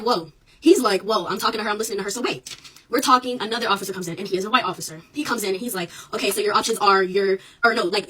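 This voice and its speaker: A young woman telling her own story into a phone camera, rapid and emphatic, her voice rising as she relives the argument. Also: medium pitch, pushed and bright, distant mic, slight background noise, low-quality recording. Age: young adult. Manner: rapid, emphatic, raises voice when reliving the clash. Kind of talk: casual social media recording.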